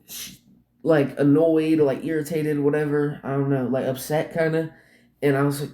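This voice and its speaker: A man's voice: on the high side, little pitch movement, normal speed, dark tone. A man telling a personal story in casual, rambling speech, packed with "like" and swearing. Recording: roomy echo.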